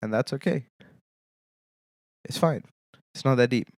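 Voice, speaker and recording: A man's voice: mid-range voice, unhurried, no echo, clean studio sound. A young man hosting his own solo podcast, talking casually with lame jokes and checking in with his listeners as he goes. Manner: casual, joking, often checks in with "okay?". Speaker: podcast host.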